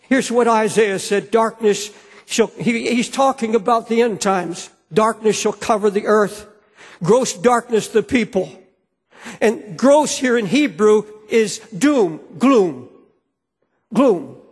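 A man's voice: high-pitched, slow pace, husky. A man preaching a sermon as pastor, earnest and fervent, often restarting his phrases. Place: church sanctuary. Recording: long hall reverb.

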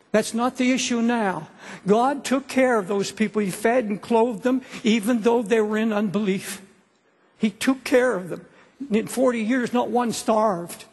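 A man's voice: high voice, a little mellow, slightly rough. A man in his seventies preaching an earnest sermon to a congregation, repeating phrases for emphasis. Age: 70s. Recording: long hall reverb.

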